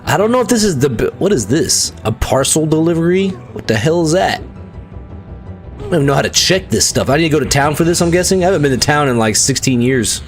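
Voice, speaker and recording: An excitable man streams his gameplay, his voice swinging widely up and down as he reacts to fights and greets viewers. He curses casually and keeps up running chatter with chat. Faint music plays underneath. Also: fairly high pitch, fairly quick. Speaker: livestreaming gamer. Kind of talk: casual live gameplay commentary.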